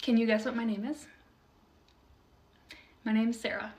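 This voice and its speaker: Young woman, casual testimony, chatty with fillers, slightly high, a bit off-mic. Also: steady tone, unhurried, a little mellow, far from the mic. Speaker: storyteller sharing a testimony. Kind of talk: casual personal testimony video.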